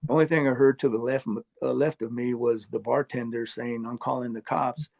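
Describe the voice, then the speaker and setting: A man earnestly recounting a personal experience, halting often with fillers and restarts. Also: mid-range voice, flat delivery, vocal fry, darkish tone. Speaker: near-death experience storyteller. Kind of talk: personal testimony interview.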